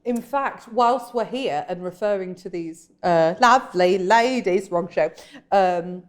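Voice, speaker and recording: A woman co-hosting a casual chat podcast, animated and giggly, breaking into snatches of song, with her mic peaking when she gets loud. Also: mid-range voice, unhurried. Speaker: podcast co-host. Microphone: microphone peaking when loud.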